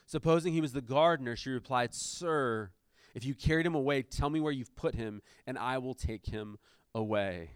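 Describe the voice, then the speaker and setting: Smooth-voiced man preaching casually. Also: mid-range voice, normal speed, no room sound, studio quality. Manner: explains verses with casual asides and fillers; shifts between reading aloud and lively commentary. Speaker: pastor. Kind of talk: conversational sermon with scripture reading.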